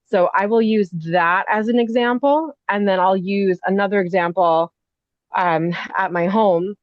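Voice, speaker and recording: A woman in her thirties telling a story casually as a podcast guest, animated and full of fillers and quick asides. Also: mid-range voice, no echo. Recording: dull muffled sound, dry.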